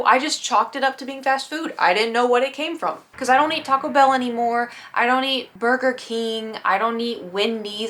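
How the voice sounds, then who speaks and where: Young woman, casual storytime vlog, animated, acts out quoted lines, mid-pitched voice. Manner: animated, acts out her own past panic and friends' lines. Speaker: vlogger.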